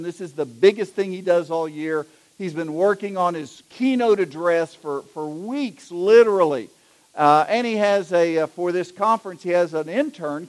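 A man with a notably high-pitched voice preaches a sermon, moving easily between plain teaching and humorous anecdotes. He is middle-aged and speaks as a pastor to his congregation, in a folksy, conversational manner. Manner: folksy, anecdotal, animated when telling jokes. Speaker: executive pastor. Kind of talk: sermon with storytelling.

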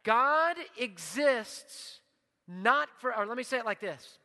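A man preaching a sermon as pastor, emphatic, leading the congregation in repeated phrases and dropping to a hushed voice in prayer. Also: very high-pitched, lively intonation, slow pace. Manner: leads call-and-response repetition. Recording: long hall reverb.

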